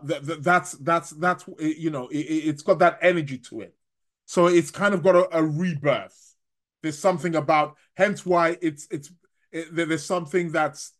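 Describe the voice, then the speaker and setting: Rambling man with a higher voice. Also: fairly bright tone. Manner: rambling, halting, with frequent restarts and chuckles. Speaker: astrologer and tarot reader. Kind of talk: live-stream chat reading viewer comments.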